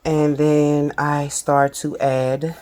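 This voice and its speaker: A woman's voice: low-pitched, flat delivery, very slow, darkish tone. A woman, chatting casually to viewers while she builds and tastes a burger in a cooking vlog. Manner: chatty, addresses viewers as y'all. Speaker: cooking vlogger.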